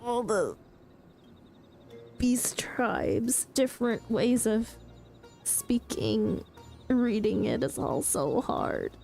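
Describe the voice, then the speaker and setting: A tired woman chats casually while she plays, yawning between quiet remarks to herself. Her voice sits at an ordinary pitch, and soft game music runs in the background. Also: big pitch swings, slow pace, vocal fry. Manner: quiet, drifting asides to herself. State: sleepy, yawning. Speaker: game streamer. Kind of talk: casual gameplay commentary.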